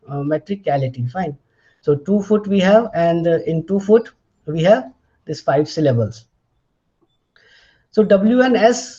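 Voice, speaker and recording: A man with a high, mellow voice lectures on an academic topic. He explains patiently, stopping often to search for words. The recording is dull and lo-fi. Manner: explanatory, hesitant with frequent pauses and fillers.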